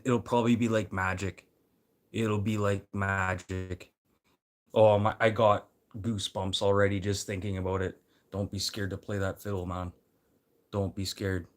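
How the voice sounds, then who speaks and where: A man with a very deep, low-pitched voice talks casually to his livestream audience. He rambles and swears freely, drifting from quiet mutters to loud, eager pep talk. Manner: rambling, profane, swinging between muttering and loud encouragement.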